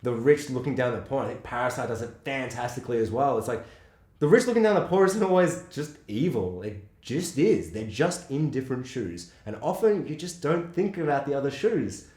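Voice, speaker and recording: Animated, swearing man in an echoey room. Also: a little fast. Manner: animated, swearing, acts out film quotes in high voices. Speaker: podcast co-host. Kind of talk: casual film discussion.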